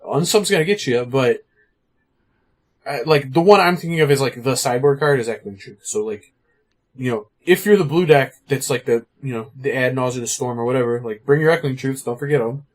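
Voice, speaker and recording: A man co-hosting a podcast, chatting casually about card game strategy, full of "like" and "you know". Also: mid-range voice. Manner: fast, filler-heavy, lots of "like" and "you know". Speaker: podcast co-host.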